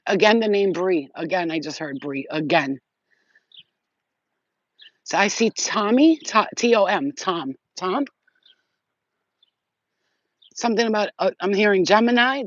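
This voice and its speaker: A woman talks through a casual live psychic reading in a loose, rambling way, cursing and laughing as she goes. Her voice sits at a middling pitch. The sound is dull and lo-fi, with a dry, close feel. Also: dry recording. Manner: rambling, chatty, swears and laughs often. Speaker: psychic reader.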